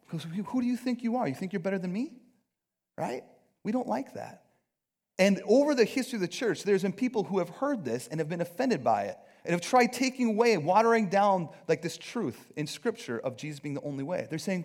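A man preaching a conversational sermon, animated, acting out quotes and often checking in with his listeners. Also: sits high, fairly quick. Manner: animated, acts out quotes, keeps asking "right?". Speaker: pastor.

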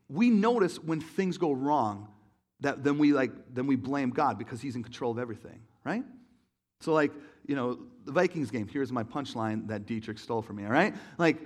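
Brief: man in his thirties, pastor delivering a casual sermon, lively, with a slightly high voice. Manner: animated, acts out quoted voices, jokes with the congregation. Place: church.

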